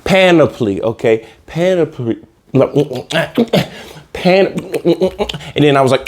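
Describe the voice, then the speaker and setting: A man's voice: fairly high pitch, animated, normal speed, a little mellow. A man hosting a comedy podcast, talking in a loose, slangy, repetitive casual monologue. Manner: loose, slangy, repeats himself for laughs. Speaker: podcast host.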